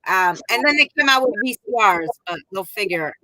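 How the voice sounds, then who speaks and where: A woman's voice: mid-range voice, animated, brisk, bright, forceful tone, no echo. A woman in casual chat, telling rambling stories with lots of fillers. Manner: rambling, chatty storyteller with many fillers.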